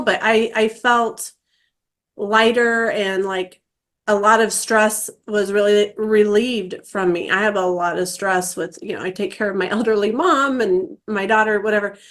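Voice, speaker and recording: A woman in her forties hosting an interview, chatting warmly about her own experience, with frequent "um" and "uh" fillers. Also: mid-range voice. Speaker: interview host. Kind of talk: casual interview chat.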